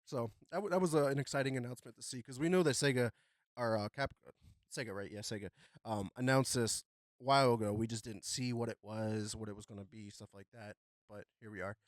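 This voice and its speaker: A young man hosting a podcast, chatting casually about gaming news with a relaxed, rambling delivery full of fillers. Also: mid-range voice, a little fast, no echo, studio quality. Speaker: podcast host.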